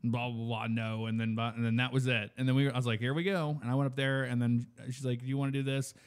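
A man's voice: mid-range voice, quick pace, smooth. Man telling a story in casual chat. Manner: animated storytelling, acts out voices.

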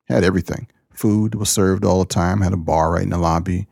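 A deep, gravelly man hosts his podcast in a folksy, joking chat, and his pitch often leaps up. His voice is husky. The recording is dry. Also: steady tone, fairly quick, a little mellow, dry recording. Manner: folksy, jokey, big pitch jumps. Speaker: podcast host and pastor. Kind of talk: casual chat.

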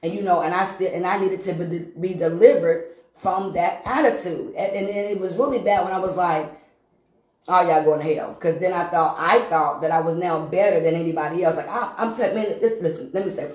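A woman's voice: on the low side, a little fast, darkish tone. A woman minister giving her testimony to a congregation, talking emphatically, repeating herself for effect and breaking into laughter. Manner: repetitive, emphatic, bursts into laughter. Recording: roomy echo.

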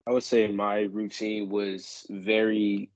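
A young man, a college student, talking in a relaxed, rambling way in a casual group chat, with some self-mocking sarcasm. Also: on the low side, slow pace, dry recording, lo-fi sound. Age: young adult.

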